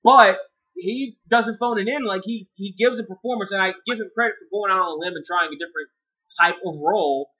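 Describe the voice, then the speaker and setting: A man's voice: high-pitched, a little fast, dull audio. A man giving a casual spoken movie review, profane and rambling, often restarting his sentences.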